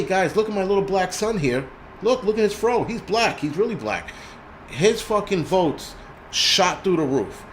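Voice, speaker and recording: A man's voice: medium pitch, a little hiss or hum. A man hosting a live stream, delivering an angry, profane rant full of mocking impressions. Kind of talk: profane ranting monologue.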